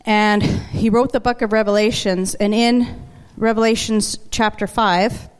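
A woman preaching a sermon to her congregation, chatty and emotional, slowing down to lean on key words. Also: a little high, steady tone, clean tone. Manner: conversational and emotional, slows for emphasis. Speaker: worship leader preaching. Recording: long church hall reverb.

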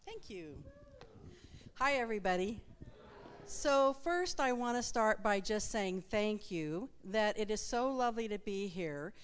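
A woman's voice: mid-range voice, lively intonation, a little slow, clean tone. A woman addressing a church as a guest speaker in a friendly, conversational way. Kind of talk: casual church talk. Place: church sanctuary.

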